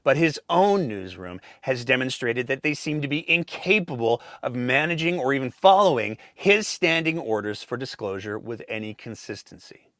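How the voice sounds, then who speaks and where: A man's voice: mid-range voice, expressive, normal speed, hardly any pauses, a bit bright, no room sound, studio quality. A man hosting a show, reading scripted political commentary in a pointed, sarcastic manner. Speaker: host.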